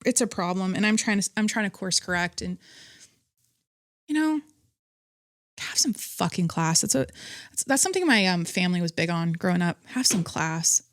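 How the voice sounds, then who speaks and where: A woman hosting a podcast, telling a story in a blunt, profane, animated monologue. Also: mid-range voice, fairly quick, dry recording, clean studio sound. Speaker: podcast host. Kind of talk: casual monologue.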